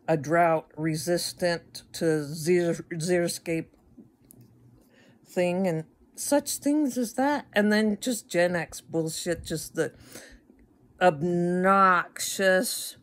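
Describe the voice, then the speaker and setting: A middle-aged woman from the United States chatting casually to her viewers, rambling with stammered restarts and wry asides. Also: low voice. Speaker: vlogger. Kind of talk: casual chat to camera.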